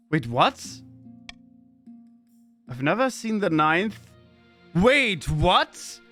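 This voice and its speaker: A man's voice: high voice, sing-song, takes it slowly, pauses often, pushed and bright, faint music behind. A man, streaming a game in chatty commentary, often laughing and reading game text aloud. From Austria. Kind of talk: gameplay commentary.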